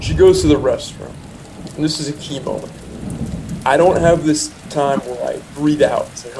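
A man's voice: on the high side, normal speed, gravelly, background noise. Rambling young man telling a story. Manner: rambling, frequent restarts and asides, quotes himself. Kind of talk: casual personal anecdote.

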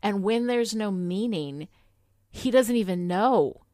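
A woman's voice: medium pitch, expressive, slow, dark tone, no room sound, clean studio sound. A woman co-hosting a casual chat about a TV episode, enthusiastic and full of "you know" fillers. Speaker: podcast co-host.

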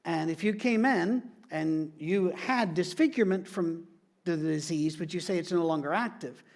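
A man's voice: on the high side, normal speed, gravelly. A middle-aged man, a pastor, giving a sermon with conversational, humorous storytelling.

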